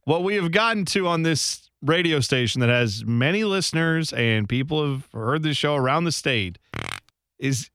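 A man's voice: on the high side, expressive, a bit bright, smooth, no echo. A man co-hosting a radio show in a studio, joking and bantering loosely. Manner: joking, loose, drawn-out pauses. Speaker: radio co-host.

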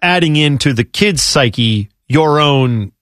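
A man's voice: a little high, lively intonation, slow, fairly bright tone, no room sound. A male radio co-host chiming in with agreeable, conversational reactions in a studio. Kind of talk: conversational talk radio banter.

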